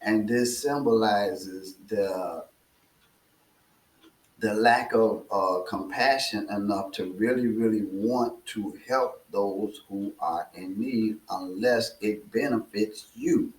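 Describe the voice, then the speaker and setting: A man preaching through a parable, slow and deliberate, with filler uhs and repeated phrases. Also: on the low side. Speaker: speaker. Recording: echoey room.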